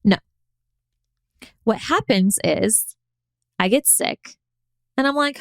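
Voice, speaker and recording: A young woman hosting a podcast, coaching listeners in a chatty, animated way and acting out her own inner thoughts. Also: a little high, slow pace, gravelly, long pauses, dry recording. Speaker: podcast host. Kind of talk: casual coaching monologue.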